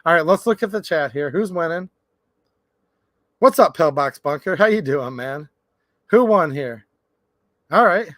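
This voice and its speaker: Male livestream host, high voice, dry close sound, animated chatty delivery. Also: unhurried, long pauses, dry recording. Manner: animated, chatty, reads viewer comments aloud. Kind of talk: casual livestream chat.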